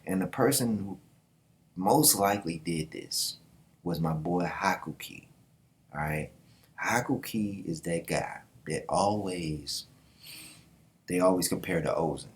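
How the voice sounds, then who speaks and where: A man hosting his own video channel, talking in a casual, slangy, animated way with quick asides and laughs. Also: sits low. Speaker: YouTube host. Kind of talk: casual commentary.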